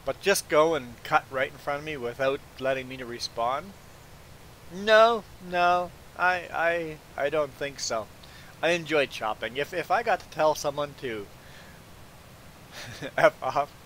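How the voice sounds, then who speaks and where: Animated man telling a story, often stammering. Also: on the high side, slight background noise, rough recording. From Belize. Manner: animated, stammers on repeated "I"s, acts out the people he quotes. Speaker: game streamer. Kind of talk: casual storytelling while livestreaming a farming game.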